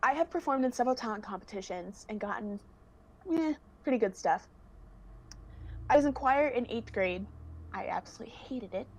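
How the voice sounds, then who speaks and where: A woman's voice: on the high side, animated, normal speed, long pauses. A young woman, a singer guesting on a video call, chatting casually, giggling and saying "like" a lot. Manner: chatty and giggly, fills speech with "like". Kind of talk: casual chat.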